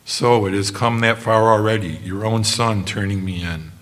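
A man reading the lines of a bitter, sarcastic father who rails loudly against the regime. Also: fairly low pitch, steady tone, normal speed, close to an everyday voice. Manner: loud, railing. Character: bitter, sarcastic middle-aged German father.

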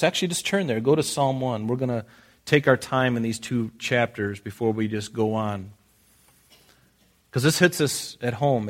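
A man preaching a sermon in a conversational way, often restarting his sentences and repeating phrases. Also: mid-range voice. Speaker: pastor.

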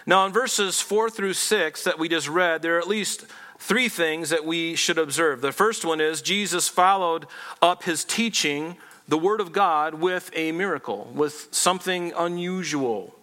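A man's voice: on the high side, a little slow, sharp tone. A man preaching a sermon in an earnest, explanatory way, often restarting phrases. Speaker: pastor.

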